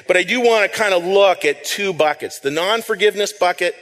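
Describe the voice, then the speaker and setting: A man's voice: high-pitched, a little fast, a bit bright, big-room sound. A man giving a sermon as pastor, speaking in a conversational way and repeating words as he reads scripture aloud. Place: church sanctuary.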